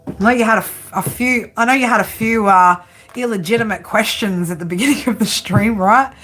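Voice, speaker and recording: A woman's voice: medium pitch, fairly quick, fairly bright tone, faint music behind. A woman hosting a casual live-stream tarot reading, chatty and giggly, often ending her lines with "right?".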